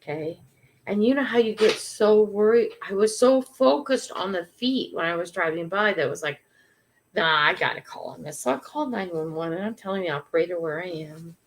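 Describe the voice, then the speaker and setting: An older woman hosting a morning livestream, telling a funny story in a chatty, animated way. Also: mid-range voice, brisk, slight background noise. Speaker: livestream host.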